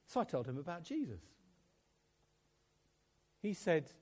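A man's voice: fairly high pitch, huge pitch swings, normal speed, long pauses, a little mellow. A man preaching a sermon, telling stories with acted-out dialogue and laughing often as he speaks. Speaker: pastor.

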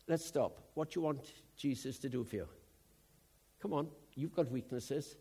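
A man preaching a sermon in a conversational way, dropping to hushed asides and rising to loud, emphatic bursts. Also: mid-range voice, a little slow, vocal fry, pauses often, husky.

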